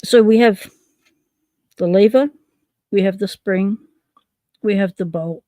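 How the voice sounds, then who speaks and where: A woman of ordinary pitch hosts a relaxed live stream, thinking aloud as she fiddles with small parts. Her talk is chatty and conversational, answering viewers as she goes. The sound is dry and close, with little room echo. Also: takes it slowly. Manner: chatty, narrating while tinkering, reading chat aloud. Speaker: livestream host. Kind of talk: casual live stream chat.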